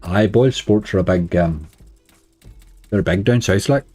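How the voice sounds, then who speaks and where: A hoarse man with a Northern Irish accent, chatting casually to viewers on a live stream. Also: low-pitched, measured pace, dark tone, no room sound, faint music behind. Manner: chatty, uses "wee" and "like" often. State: hoarse, dry throat. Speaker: slots streamer.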